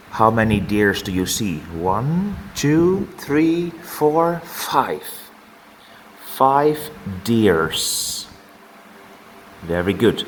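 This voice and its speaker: A man teaching farm animal names to young learners, saying each word slowly and repeating it for them to copy. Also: fairly low pitch, animated, slight background noise. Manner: slow, drawn-out word modelling with repeated words. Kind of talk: children's vocabulary lesson.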